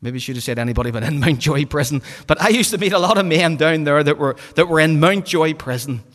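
A man preaching a sermon, fervent, swinging from loud exhortation to hushed pleading. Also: on the high side, animated, fast. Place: church hall. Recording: hall reverb.

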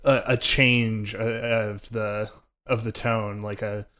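A man's voice: on the low side, level tone, takes it slowly, fairly bright tone. A man co-hosting a podcast, hesitant and searching for his words. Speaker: podcast co-host. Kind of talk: casual chat.

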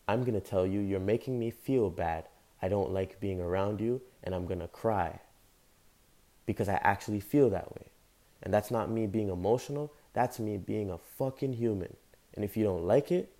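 A young adult man hosting a podcast speaks in a mellow voice on the low side. He delivers an impassioned, rambling motivational monologue, talking casually and using slang.

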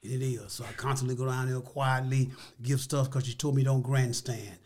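A man's voice: mid-range voice, fairly even intonation, fairly quick, a little mellow. An older man, a podcast guest, telling stories in an emphatic, folksy way and repeating his phrases. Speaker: interview guest. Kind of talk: casual storytelling.

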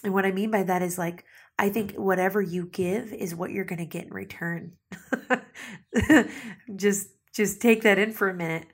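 A woman's voice: medium pitch, fairly even intonation, normal speed. A woman preaching a sermon in a conversational way, with asides and restarts, reading scripture passages aloud.

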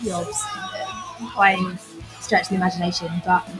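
A woman's voice: mid-range voice, sing-song, moderate pace. Enthusiastic woman chatting about music. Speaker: podcast co-host. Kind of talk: casual chat.

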